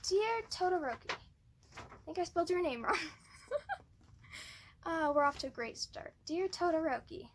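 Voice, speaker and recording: A woman's voice: very high voice, animated, moderate pace, pauses often, a little hiss or hum. A woman doing flubbed takes of a cosplay skit, giggly and flustered as she restarts her lines.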